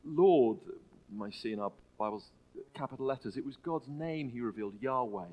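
A man preaching a sermon in a church, earnest and halting, often restarting his phrases. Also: mid-range voice, animated, a little mellow, low-quality recording. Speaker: pastor.

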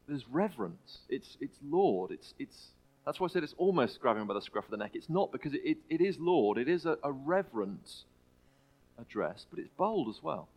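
A man preaching a sermon in a church, earnest and halting, often restarting his phrases. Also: medium pitch, sing-song, rough recording. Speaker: pastor.

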